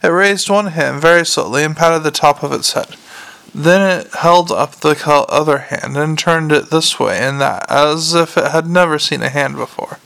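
Gravelly man reading a novel aloud. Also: a little high, moderate pace. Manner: steady narration with small slips and restarts. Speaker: narrator. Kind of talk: amateur audiobook reading.

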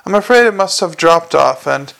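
A man reading aloud and voicing a gruff, sarcastic middle-aged male watch commander who mocks with fake innocence. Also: fairly high pitch, expressive, normal speed, fairly bright tone. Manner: mock-innocent sarcasm with a snarling edge.

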